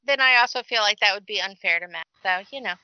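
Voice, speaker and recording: A woman's voice: mid-range voice, fast talker, sharp tone, no room sound, muffled recording. A woman hosting a casual group podcast, upbeat and giggly. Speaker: podcast host.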